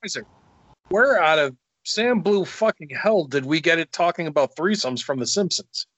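Slightly high-voiced crude, pushy man. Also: lively intonation, moderate pace, fairly bright tone, no echo, highs cut off. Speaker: co-host. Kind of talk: casual podcast chat.

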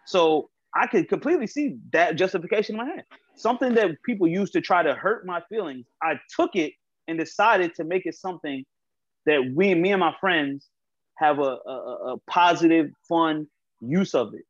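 A man tells stories in a loose podcast chat. He acts out quotes and swears freely. His voice sits a bit high, and the recording is dry and slightly muffled. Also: animated, moderate pace, no room sound. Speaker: podcast co-host. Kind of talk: casual chat.

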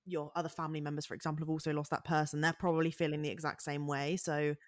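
A woman's voice: low-pitched, level tone, racing, no room sound, clean studio sound. A woman hosting a podcast, chatting casually, agreeing and adding her own stories with many fillers. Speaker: podcast host. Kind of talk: casual conversational interview.

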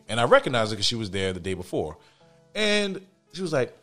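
A man's voice: medium pitch, sing-song, fairly quick, fairly bright tone, soft background music. A young man in casual podcast chat, telling a story with lots of slang and acting out both sides of a quarrel. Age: young adult. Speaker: podcast co-host.

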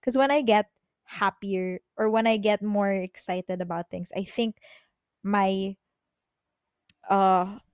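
A young woman, hosting a podcast and telling personal stories in an excitable, rambling way, swearing freely. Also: mid-range voice, slow pace, long pauses, clear, resonant tone, dry recording. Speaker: podcast host. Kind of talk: casual personal storytelling. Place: bedroom, on her bed.

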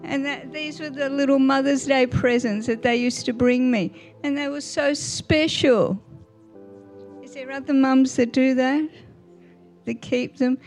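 A woman's voice: sits high, steady tone, unhurried, soft background music. An older woman, telling family stories in a Mother's Day church talk and often asking the congregation questions. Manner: warm storytelling with little laughs, asks the audience questions. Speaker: guest speaker at church.

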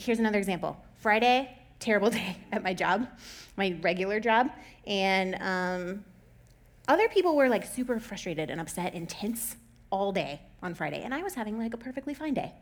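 A woman in her thirties talks through advice in a loose, conversational way. She laughs often and slips into acted-out quotes. Her voice sits at an ordinary middle pitch. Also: lively intonation, moderate pace. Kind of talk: casual advice talk.

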